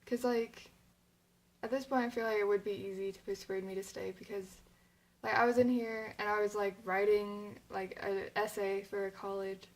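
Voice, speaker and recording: A woman's voice: mid-range voice, level tone, moderate pace, rough recording. Young woman rambling in a casual vlog. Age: young adult. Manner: rambling, full of "like" and fillers. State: emotional, near tears. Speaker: vlogger. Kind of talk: casual chat to camera.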